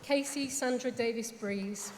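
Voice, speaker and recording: A woman presenting graduates at a ceremony, reading names aloud in a measured, formal way. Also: fairly high pitch. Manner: measured, formal, briefly emotional. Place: large hall with audience. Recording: echoey hall, crowd noise.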